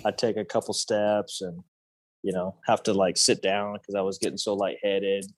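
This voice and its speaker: Low-voiced man in his 30s. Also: flat delivery, normal speed, no echo. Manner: loose and rambling, heavy on fillers and "dude". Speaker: podcast guest. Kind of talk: casual storytelling.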